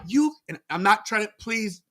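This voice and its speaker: A man co-hosting a live wrestling watch-along podcast, animated and laughing often, talking straight to the chat. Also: sits high, a little fast. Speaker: podcast co-host.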